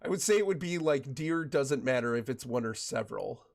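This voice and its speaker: A man's voice: medium pitch, expressive, fairly quick, gravelly. A man streaming a game, joking and greeting viewers by name, while getting over a chest cold that makes him cough. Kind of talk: casual chat with viewers while gaming.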